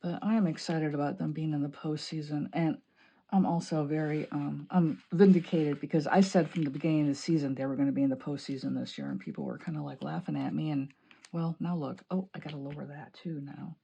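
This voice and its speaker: A woman from Illinois chatting excitedly while decorating her planner, laughing often. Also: sits low, fairly quick, creaky, slightly rough. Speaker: planning vlogger. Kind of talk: chatty crafting vlog.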